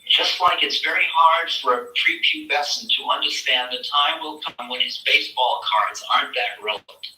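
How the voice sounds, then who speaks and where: A man giving a spiritual talk at a workshop, telling his story in a lively way and acting out the voices in it. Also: a little high, moderate pace, roomy sound, recorded from a distance, poor audio. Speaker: spiritual teacher.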